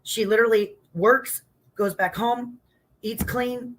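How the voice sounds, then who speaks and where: A middle-aged woman who used to wrestle tells stories in a casual interview, animated and acting out quotes, swearing casually. Her voice is a little high and her pace slow.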